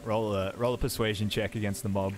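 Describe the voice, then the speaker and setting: A man narrating as game master of a tabletop game, rambling and halting with many fillers. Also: on the low side, flat delivery.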